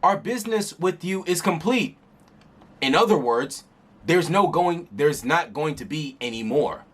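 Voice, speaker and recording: A man's voice: fairly high pitch, animated, unhurried, breathy edge. A man voicing a blunt, unbending young slime demon lord while reading a manga aloud, in a firm, reasoning manner. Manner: firm, matter-of-fact, reasoning.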